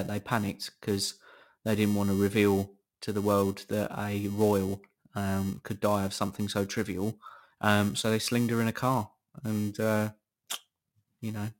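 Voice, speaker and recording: A middle-aged man hosting a podcast, chatting casually in a sarcastic, incredulous tone and swearing often. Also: on the low side. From Britain. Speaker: podcast host. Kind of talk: casual solo podcast chat.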